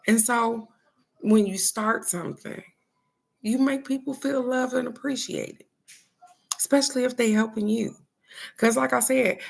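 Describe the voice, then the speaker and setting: A woman's voice: mid-range voice, vocal fry. An older woman, hosting a morning live stream and talking in a casual, heartfelt way to her viewers, often asking "guess what?". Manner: repetitive, warm-hearted, asks "guess what?".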